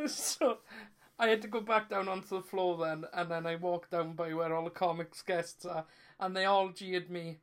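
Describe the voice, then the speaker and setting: Male podcast host, teasing and quick to laugh, casual banter. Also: high-pitched, steady tone, fairly bright tone, clear, resonant tone. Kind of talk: casual chat.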